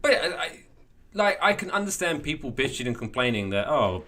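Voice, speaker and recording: A man co-hosting a podcast, talking in a rambling, animated, storytelling way. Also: mid-range voice, fairly quick. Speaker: podcast co-host. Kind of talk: casual chat.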